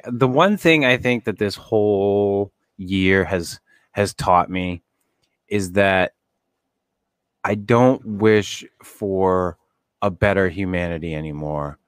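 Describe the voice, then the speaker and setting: A man's voice: deep voice, clean tone, no room sound, studio quality. A middle-aged man co-hosting a podcast in casual chat, swearing freely, rambling and laughing often. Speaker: podcast co-host.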